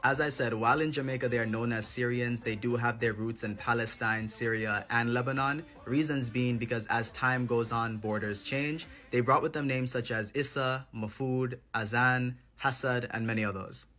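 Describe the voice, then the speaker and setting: A man giving scripted narration in a measured, informative manner. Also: mid-range voice, fairly even intonation, pushed and bright. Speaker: documentary narrator.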